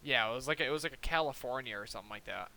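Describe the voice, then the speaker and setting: A man's voice: mid-range voice, rapid-fire, bright, forceful tone. Rambling, profane young man. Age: 20s. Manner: rambling, profane, lots of fillers. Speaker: gaming streamer. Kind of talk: casual storytelling while gaming. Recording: noisy background.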